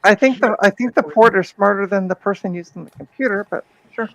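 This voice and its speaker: A man's voice: high voice, a little fast, creaky, a bit bright, no room sound, lo-fi sound. A man chatting as a guest on a livestream, with dry, teasing remarks. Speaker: stream guest. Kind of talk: casual livestream chat.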